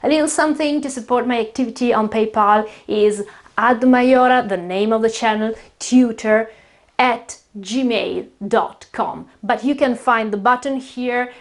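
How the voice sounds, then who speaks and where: A woman with an Italian accent teaching English pronunciation, explaining patiently and repeating words slowly with many fillers. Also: fairly high pitch. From Italy. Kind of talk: pronunciation lesson.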